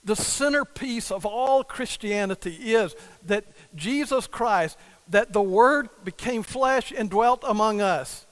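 A man's voice: high-pitched, animated, takes it slowly, a bit bright, rough recording. An older man preaching a sermon, telling a family story and acting out the quoted dialogue. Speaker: pastor.

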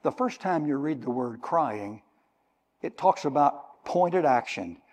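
An older male preacher delivers a sermon with emphatic, drawn-out phrasing, explaining Greek words along the way. His slightly high, darkish voice has lively intonation and rings with the long reverb of a church sanctuary.

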